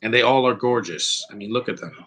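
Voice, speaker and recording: A man's voice: medium pitch, quick pace, a bit bright, rough recording. A man giving a rambling, opinionated live commentary over a film, restarting his sentences often. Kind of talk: casual live movie commentary.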